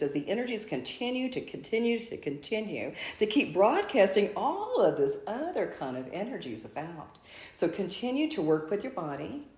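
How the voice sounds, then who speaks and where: A woman's voice: fairly low pitch, darkish tone, echoey room. A woman channeling a spiritual message to a group, speaking as a collective "we" in a repetitive, effusive way.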